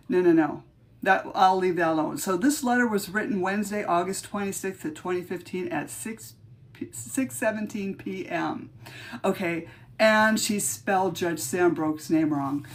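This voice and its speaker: A woman hosting a podcast live, chatting casually in a sarcastic way and laughing often. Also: on the low side. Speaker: podcast host. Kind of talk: casual live-stream chat.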